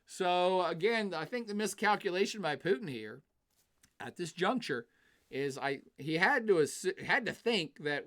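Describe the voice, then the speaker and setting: A man giving casual live-streamed political commentary, chatty and animated, reading viewer comments and acting out quoted nations. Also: sits high, moderate pace.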